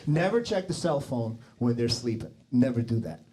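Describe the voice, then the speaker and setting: A man's voice: medium pitch, animated, moderate pace, dark tone. A man doing a crude, crowd-teasing stand-up set on a studio stage. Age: 40s. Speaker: stand-up comedian. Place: TV studio stage with live audience.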